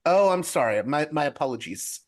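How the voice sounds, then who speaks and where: A man's voice: on the high side, expressive, a little fast. A man hosting a podcast interview, introducing his guest in a conversational way with frequent fillers. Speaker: podcast host.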